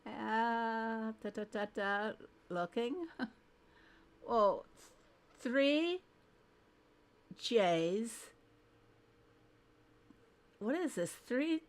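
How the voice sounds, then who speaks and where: Slow-talking woman livestream host. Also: fairly high pitch. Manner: greets viewers one by one, chatty and friendly; thinks aloud while fiddling with settings. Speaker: game livestreamer. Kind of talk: casual livestream chat.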